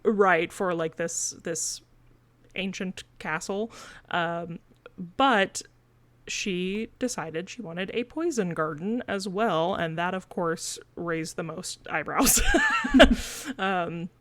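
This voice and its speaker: A woman's voice: lowish voice, slow, no echo. Chatty woman with a Missouri accent. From Missouri, USA. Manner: chatty, many fillers, laughs between points. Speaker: podcast co-host. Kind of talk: casual podcast chat.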